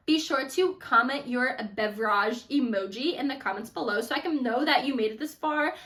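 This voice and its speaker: Chatty woman host with a higher voice. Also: a bit bright. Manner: chatty, gushing, many "like" fillers. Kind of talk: casual reaction chat.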